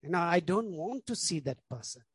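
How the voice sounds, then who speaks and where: A man's voice: high voice, animated, brisk, slightly rough, dry recording. A male pastor preaching a sermon, stressing key words, repeating lists and leaning on "you know".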